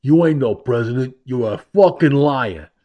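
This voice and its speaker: A man's voice: mid-range voice, expressive, moderate pace, dull audio, natural voice. A man acting out a furious, cursing heckler, crude and confrontational. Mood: angry.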